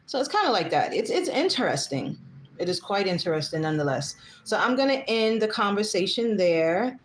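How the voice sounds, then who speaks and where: A woman's voice: medium pitch, big pitch swings, a little fast, slight background noise. A woman hosting a casual livestream, chatting loosely, reading out viewer comments and getting heated and emphatic when she vents. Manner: chatty, rambling, reads comments aloud. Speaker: livestream host.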